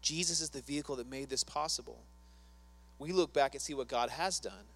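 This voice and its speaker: A man's voice: mid-range voice, fairly quick, fairly bright tone. A man preaching a sermon in an earnest, conversational way, often asking his listeners questions. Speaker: pastor.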